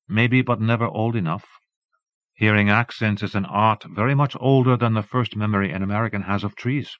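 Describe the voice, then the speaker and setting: Low-voiced man reading an audiobook. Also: no room sound. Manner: measured, even literary reading. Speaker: audiobook narrator. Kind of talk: scripted audiobook narration. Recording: dull lo-fi cassette transfer.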